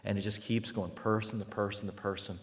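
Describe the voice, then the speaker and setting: Gravelly-voiced preacher in an echoing hall. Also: male voice, on the low side, a little fast. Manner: animated storytelling, swings from loud to hushed. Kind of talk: sermon. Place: church sanctuary. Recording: long reverb of a large hall.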